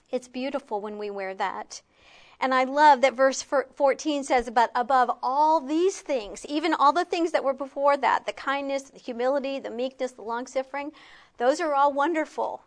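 Female retreat speaker, higher-pitched, conversational sermon delivery with self-deprecating asides. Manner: chatty, with self-mocking asides; slows and softens on key points. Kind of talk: conversational Bible teaching.

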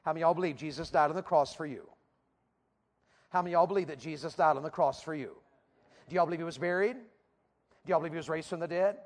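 A man's voice: a little high, fast talker, long pauses. A man preaching a sermon to teenagers, asking emphatic, repeated rhetorical questions. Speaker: youth preacher. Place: church platform before a youth audience.

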